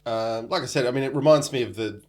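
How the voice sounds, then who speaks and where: A man's voice: medium pitch, quick pace. An Australian man co-hosting a casual book podcast. He talks thoughtfully, with hesitations and frequent ums. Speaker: podcast co-host. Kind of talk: casual book-club chat.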